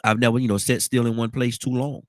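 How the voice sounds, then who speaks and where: A man's voice: mid-range voice, little pitch movement, fast, no room sound. Congested man hosting a morning show. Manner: rambling, repeats words, folksy asides. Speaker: radio talk show host. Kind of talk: casual morning talk show chat.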